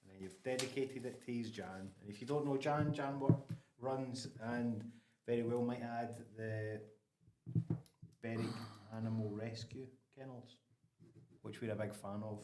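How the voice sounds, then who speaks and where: Ayrshire Scottish male host, animated and laughing, recorded in a roomy space. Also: medium pitch, unhurried, noisy background. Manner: animated, laughs often, restarts, Scots words like aye and wee. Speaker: podcast host. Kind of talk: casual chat.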